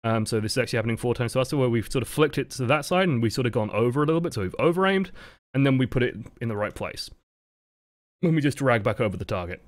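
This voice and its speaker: A man coaching a player through a recorded match, relaxed and rambling with frequent fillers and self-corrections. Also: mid-range voice, fast, no echo, studio quality. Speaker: game coach. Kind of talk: casual gameplay review commentary.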